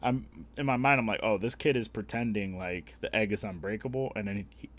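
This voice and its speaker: Casting: young male streamer, lowish voice, crude and blunt, acts out the people in his stories. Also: fairly quick. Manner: blunt, heavily profane, animated retelling with voiced quotes. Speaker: live streamer. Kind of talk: casual storytelling while gaming.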